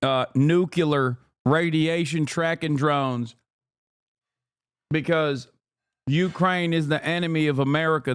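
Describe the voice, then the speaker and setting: A man's voice: fairly high pitch, steady tone, takes it slowly, clean tone. A man in his thirties ranting combatively at his live chat, swearing often. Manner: profane, combative rants at chat. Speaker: streamer. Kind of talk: live-stream political commentary.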